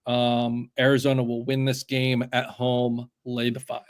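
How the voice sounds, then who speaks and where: A man's voice: mid-range voice, monotone, unhurried. A man giving his betting picks in casual chat, hesitant and full of um fillers.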